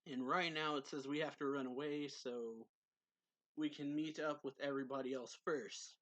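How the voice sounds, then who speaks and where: A man's voice: mid-range voice, steady tone, normal speed, fairly bright tone, dry recording, close to an everyday voice. A man voicing an earnest young male rescuer as he casually retells the lines in a slightly raised voice. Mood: urgent.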